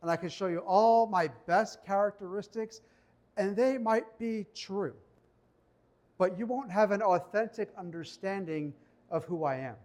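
A male pastor giving a conversational sermon in church, slowing down to read scripture. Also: sits high, darkish tone. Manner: conversational preaching, reads scripture slowly.

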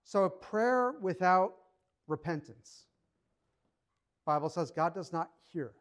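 A man's voice: high voice, animated, slow pace. A man preaching a sermon in a conversational, emphatic way, acting out short quotes as he goes. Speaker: pastor.

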